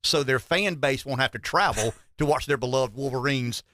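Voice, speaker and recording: A man's voice: mid-range voice, normal speed, bright, forceful tone, no echo, studio quality. A middle-aged man hosting a talk radio show, joking and folksy, often repeating words as he gathers his thoughts. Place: radio studio.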